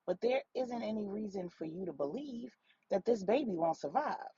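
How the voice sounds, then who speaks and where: A storyteller voicing Doctor Lopez, a calm female therapist who speaks in a measured, reassuring way. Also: medium pitch, husky, dry recording, highs cut off.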